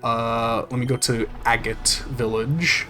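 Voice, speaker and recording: A casual game streamer rambles through a live session, swearing freely and answering viewers' chat as they play. The voice sits at a middling pitch, and faint game music hums underneath. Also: little pitch movement, slow, pushed and bright.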